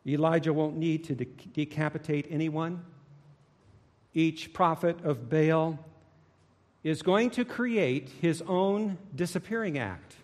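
A man preaching a sermon, swinging dramatically between hushed low tones and loud shouting. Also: takes it slowly. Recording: long hall reverb.

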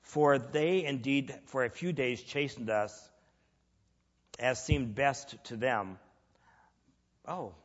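A man's voice: mid-range voice, slow, long pauses. A man preaching a sermon in a conversational way, asking the audience questions and acting out grumbling prayers. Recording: long reverb, dull lo-fi sound.

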